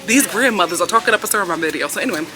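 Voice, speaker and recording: A woman films herself on her phone while walking a city street, telling a story in a chatty, animated way. Her pitch swings widely as she acts out what people said. Street noise runs clearly behind her voice. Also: racing. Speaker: vlogger. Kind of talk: casual storytelling vlog. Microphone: phone camera held while filming herself.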